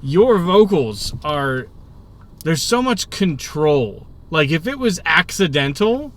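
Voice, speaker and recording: A man's voice: a little high, big pitch swings, slow. A man hosting a podcast in casual chat, thoughtful and wry, recorded inside a car. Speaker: podcast host. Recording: loud car and road noise.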